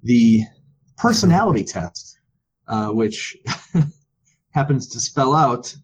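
A man's voice: medium pitch, animated, slow pace, a little hiss or hum. A man co-hosting a casual podcast chat, joking and playful, over a video call. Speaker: podcast co-host.

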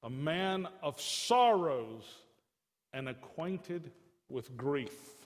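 A man with a notably high voice preaches a sermon, easing into folksy, conversational asides before building to emphatic declarations. His voice carries through a church sanctuary with a long, lingering reverb. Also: expressive, very slow. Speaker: pastor.

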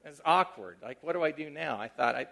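Speaking fairly quickly in a creaky, higher-than-average male voice, a middle-aged pastor tells a personal story as part of his sermon. His conversational delivery shifts between animated emphasis and soft, tender moments.

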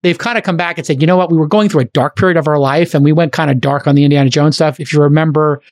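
A middle-aged man hosting a podcast in casual chat, talking quickly and enthusiastically with many "like" fillers. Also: a little high, fairly even intonation. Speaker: podcast host.

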